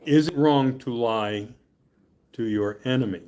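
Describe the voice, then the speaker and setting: A man's voice: medium pitch, unhurried, darkish tone. Chatty man teaching a Bible class. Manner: chatty and joking, often laughing and checking in with "okay?". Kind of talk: casual Bible study teaching and scripture reading.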